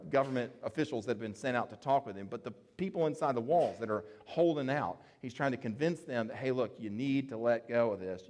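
A man preaching a sermon in an explanatory, conversational way, with fillers and restarts. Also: medium pitch. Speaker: pastor.

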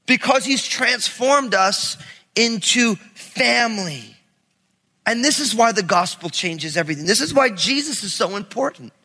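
A man from New York preaching a sermon as pastor, animated and conversational, acting out stories. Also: high voice, measured pace, breathy edge, long reverb tail. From New York area. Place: church sanctuary.

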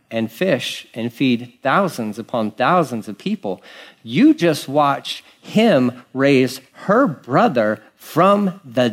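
A pastor preaching a sermon, acting out quoted voices and moving between loud outbursts and hushed lines. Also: male voice, mid-range voice, husky.

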